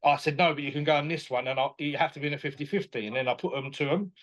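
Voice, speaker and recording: Bloke, bit higher voice, chatty boxing promoter, excited, laughing a lot while he tells stories. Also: very fast, dull audio. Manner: animated, enthusiastic, laughs often, retells dialogue. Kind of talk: casual interview chat.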